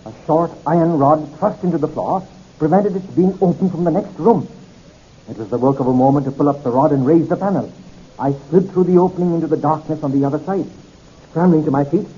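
Husky man narrating a mystery. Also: on the high side, mellow. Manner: measured, dramatic storytelling. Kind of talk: first-person mystery narration. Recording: dull lo-fi recording.

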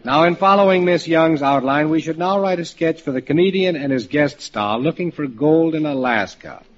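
Dry host calling on panelists. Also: male voice, a little high. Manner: dry, brisk cues to each panelist. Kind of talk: moderating a comedy panel. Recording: dull old broadcast recording with loud audience.

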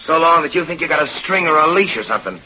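A brash slangy vaudeville hoofer. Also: male voice, on the high side, animated, racing, bright, forceful tone, slightly rough, full character voice. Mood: angry. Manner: slangy, blustering, ungrammatical. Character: brash young male vaudeville dancer. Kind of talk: 1930s radio acting. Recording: lo-fi old radio recording with faint hiss.

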